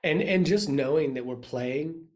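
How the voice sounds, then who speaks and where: A man in casual chat, relaxed and open, swearing freely as he talks with a friend. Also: fairly high pitch, unhurried.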